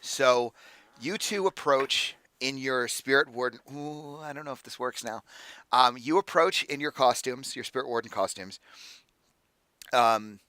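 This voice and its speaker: A man's voice: mid-range voice, unhurried, bright, forceful tone, smooth, no echo. A man running a tabletop game as game master, explaining the rules and weighing his calls aloud.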